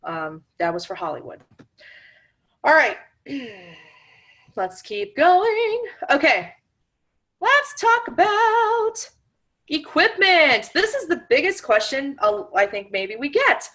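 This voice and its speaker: A woman's voice: sits high, sing-song, slow, long pauses, pushed and bright. Woman teaching a webinar, chatty and casual, lots of um and little laughs. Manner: chatty, laughs often, many fillers. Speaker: paranormal class instructor. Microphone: computer mic on a webinar call.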